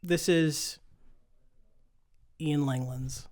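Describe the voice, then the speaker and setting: A man hosting a podcast, chatting in a loud, blunt, crude, laughing way. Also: fairly high pitch, fairly even intonation, very slow. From United States. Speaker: podcast host. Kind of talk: casual comedic chat.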